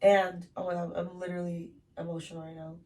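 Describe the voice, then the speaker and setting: A woman's voice: fairly low pitch, flat delivery, fast talker, mellow, far from the mic. Twenties woman, chatty storyteller who swears casually, recorded a little off-mic. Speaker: podcast host telling her story. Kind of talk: casual podcast chat.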